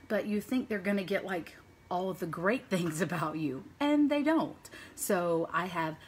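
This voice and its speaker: A woman in her thirties, a mother, chats to camera in a casual vlog. Her voice sits a little low, and she rambles from one thought to the next. A faint hiss of noise runs under the recording. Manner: chatty and rambling, stringing thoughts with "and so". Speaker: mother sharing parenting stories.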